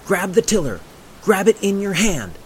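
A man voicing a determined young Viking woman who shouts urgent commands through a storm. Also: high-pitched, sing-song, moderate pace, noisy background, voice pushed up. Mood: commanding shouts. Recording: rain and thunder sound effects.

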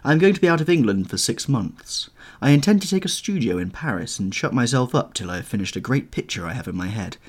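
A man's voice: mid-range voice, animated, quick pace, breathy edge, voice pushed up. A man voicing an earnest, pleading painter. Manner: earnest and pleading, rising in urgency. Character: grave, earnest male painter, anxious friend. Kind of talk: audiobook character reading.

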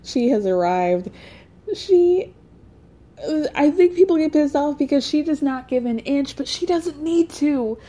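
Gossipy woman with a mellow voice. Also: high-pitched, unhurried. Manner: gossipy, animated, laughs often. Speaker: podcast host. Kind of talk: casual recap monologue.

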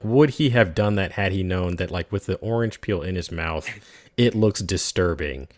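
A man co-hosting a casual podcast chat, musing in a relaxed way and dropping short agreements. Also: low-pitched, normal speed, dry recording, clean studio sound. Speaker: podcast co-host.

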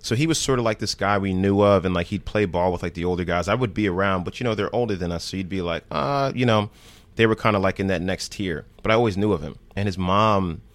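A New Jersey man guests on a podcast, telling casual stories at a quick pace and animatedly acting out the quoted lines of the people involved. His voice is low-pitched and the recording is dry.

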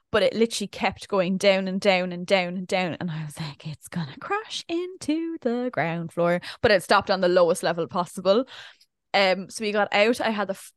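A young woman chats through a story, slipping into the voices of the people she quotes. Her pitch sits in the middle range. The recording is dry and close, with little room sound. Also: no room sound. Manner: chatty storyteller acting out quoted speech. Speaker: podcast co-host. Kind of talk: casual chat.

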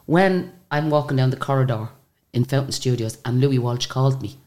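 Speaking at a normal pace in a very deep voice, an older singer tells chatty stories as a radio interview guest. She brings her anecdotes to life by performing the quoted dialogue with animation.

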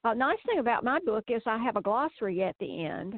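A woman author in casual interview chat, talking haltingly with many fillers and restarts. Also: a little high, sing-song, no room sound. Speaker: children's book author, guest. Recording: phone-like remote call audio.

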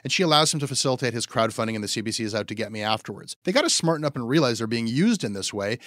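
A man's voice: mid-range voice, lively intonation, racing, fairly bright tone, dry recording, studio quality. A man co-hosting a casual political chat, hedging and wry, with lots of fillers. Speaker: podcast co-host.

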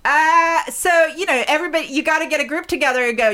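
A woman's voice: high voice, fast talker, few pauses, bright, forceful tone. A woman in casual chat who rambles, stammers and swears often. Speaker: podcast co-host.

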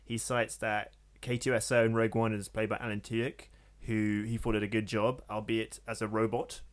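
A man hosting a casual film chat, chatty and quick with asides. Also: fairly low pitch, flat delivery. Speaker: podcast host.

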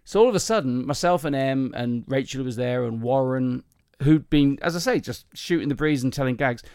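A chatty man hosting a podcast, telling jokes with plenty of asides and laughter. His voice sits at an everyday pitch, recorded close and dry. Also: fairly quick, a little mellow, clean tone, dry recording. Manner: chatty, rambling, laughs often. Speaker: podcast host. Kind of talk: casual chat, joke telling.

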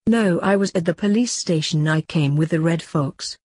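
A woman's voice: lowish voice, normal speed, darkish tone, slightly rough, dry recording, clean studio sound. A woman reading the part of a teasing young male enchanter who mocks his father. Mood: mocking. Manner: mocking.

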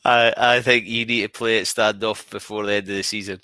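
A man's voice: fairly low pitch, steady tone, a little fast, bright, forceful tone, a little hiss or hum. A man hosting a casual interview, upbeat and teasing his guest with banter. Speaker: host.

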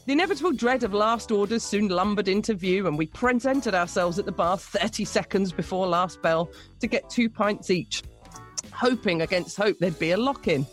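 A woman co-hosting a radio show, reading a listener's story aloud with lively, amused storytelling. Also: mid-range voice, normal speed, faint music behind. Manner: lively, amused storytelling, laughing between lines. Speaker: radio co-host.

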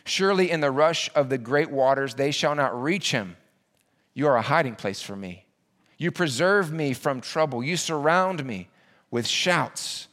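Male pastor, earnest sermon delivery with emphatic repetition, slightly higher pitch. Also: fairly bright tone.

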